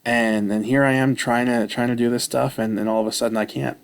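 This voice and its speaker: A man vlogging, telling a rambling personal story with self-mocking, animated retelling. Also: mid-range voice, a little fast, gravelly.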